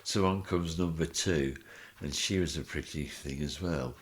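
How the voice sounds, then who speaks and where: A man on a podcast telling animated showbiz stories, laughing as he acts out the people in them. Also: extremely low pitch, a little slow. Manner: animated, laughing storyteller acting out voices. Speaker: guest telling anecdotes. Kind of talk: podcast interview storytelling.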